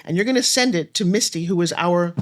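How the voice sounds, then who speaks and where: A woman guest on a podcast, telling stories and coaching in an animated way, acting out lines of dialogue. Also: brisk. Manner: animated storyteller, acts out dialogue with big pitch jumps. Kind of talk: fast-paced podcast conversation.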